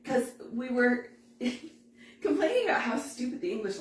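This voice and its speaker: A woman giving a live balloon-making tutorial, chatty and quick to laugh as she works. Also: a little high, big pitch swings, roomy sound, far from the mic. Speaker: balloon instructor.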